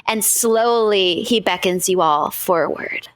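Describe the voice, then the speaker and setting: A woman's voice: mid-range voice, slow pace. Woman narrating as game master. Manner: casual, fluid narration.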